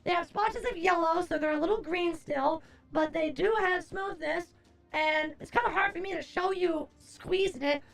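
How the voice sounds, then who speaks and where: A woman's voice: extremely high pitch, moderate pace, creaky. A young adult woman streamer chatting casually on a live stream, rambling, exasperated and profane as she answers her chat.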